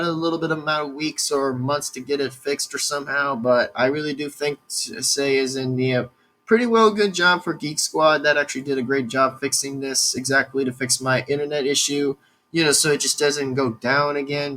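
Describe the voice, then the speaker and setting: A young adult man rambles through a story for his channel, circling back and repeating himself, with casual swearing along the way. His voice is fairly high and bright. Soft music plays faintly underneath. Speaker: vlogger.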